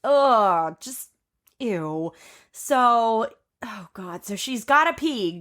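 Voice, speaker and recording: A woman's voice: a little high, expressive, very slow, a bit bright. Chatty blunt woman podcast host. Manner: chatty, blunt, swears freely. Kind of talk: casual chat.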